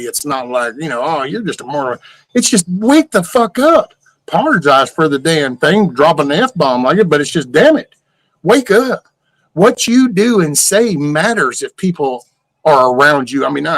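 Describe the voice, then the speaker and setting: An older man with a drawl holds forth on his livestream, his voice sitting a touch high. He rambles through exasperated, cussing rhetorical questions. The sound is close and dry. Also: fairly bright tone, no echo, rough recording. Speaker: livestream host. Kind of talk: casual ranting chat.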